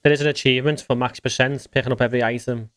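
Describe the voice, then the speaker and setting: A man's voice: mid-range voice, steady tone, racing, fairly bright tone, a little hiss or hum. A man with an English accent, chatting casually on a game live stream as he reads out and answers viewer messages.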